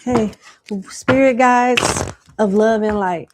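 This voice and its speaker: A woman's voice: on the high side, slow, noisy background. Chatty woman doing live tarot readings. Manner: casual, chatty, slangy, laughing asides. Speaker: tarot reader.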